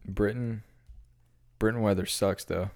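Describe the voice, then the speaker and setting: A young man with a fairly low voice, co-hosting a podcast in relaxed, casual chat. He is laid-back and tends to be the one who brings up the next topic. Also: measured pace. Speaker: podcast co-host.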